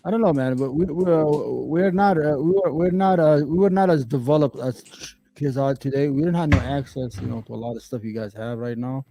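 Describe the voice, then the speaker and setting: A man's voice: on the high side, brisk, hardly any pauses, crowd noise. A man co-hosting a podcast, telling rambling crude stories in casual chat. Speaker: podcast co-host.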